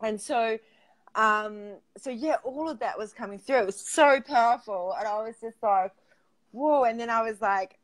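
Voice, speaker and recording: A woman's voice: a little high, normal speed. A woman, a tantra coach, telling a personal story in a casual way, with lots of fillers and frequent laughter. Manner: chatty, filler-heavy, laughs often.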